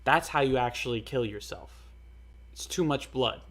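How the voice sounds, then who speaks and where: A young man telling a personal story in a casual, earnest way, halting often with fillers and restarts. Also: medium pitch, a bit bright. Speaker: storyteller vlogger.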